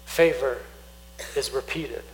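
A man preaching a sermon, teaching earnestly, slowing down to stress key points and reading scripture aloud. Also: mid-range voice, slight background noise, rough recording. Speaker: pastor.

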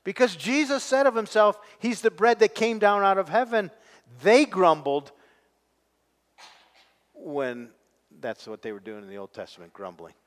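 A man's voice: sits high, sing-song, a little slow, pauses often. A man, preaching a sermon to his congregation and putting questions to them. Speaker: pastor. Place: church sanctuary. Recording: long reverb of a large hall.

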